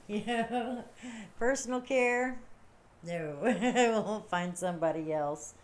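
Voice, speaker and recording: A woman's voice: medium pitch, slow pace. A middle-aged woman hosting a livestream, talking casually in a rambling, chatty way and laughing often. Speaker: livestream host. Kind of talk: casual chat.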